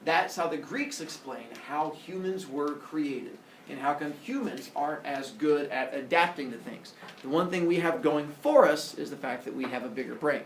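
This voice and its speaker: A male teacher retelling a myth to his class in an animated, jokey way that teases the students. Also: fairly high pitch, moderate pace, few pauses, a little hiss or hum. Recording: echoey classroom.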